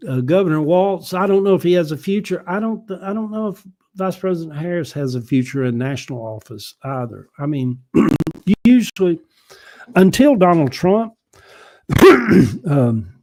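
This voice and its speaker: An older man with a Southern US accent hosting a casual livestream, rambling folksy talk and often clearing his throat as he reads viewer comments. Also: on the high side, warm tone. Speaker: livestream host.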